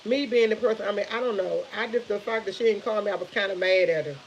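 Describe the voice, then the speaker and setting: A woman's voice: mid-range voice, fast talker, slight background noise, low-quality recording. Chatty woman rambling on a live stream. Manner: chatty, rambling, retells conversations. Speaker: vlogger. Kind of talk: casual live-stream chat.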